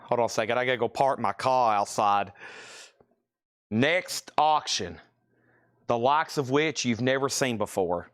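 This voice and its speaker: Southern-accented man, live auction host, brisk price calls and quips, mid-pitched, dry. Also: fairly bright tone, dry recording. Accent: Southern US, Tennessee. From Tennessee. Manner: brisk price calling with joking asides. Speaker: live-stream record sale host.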